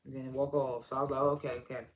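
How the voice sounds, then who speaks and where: A man's voice: medium pitch, flat delivery, fast, background noise. A man giving a casual, rambling, slangy recap of a TV episode as a reviewer. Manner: rambling slangy retelling with acted-out quotes. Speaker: TV show reviewer.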